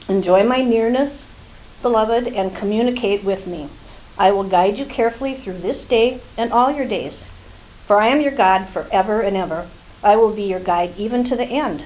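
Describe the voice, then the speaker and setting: A woman's voice: mid-range voice, a little mellow, slight background noise, poor audio. Woman reading a devotion, short of breath. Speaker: group participant giving a devotion. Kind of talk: reading devotional text aloud.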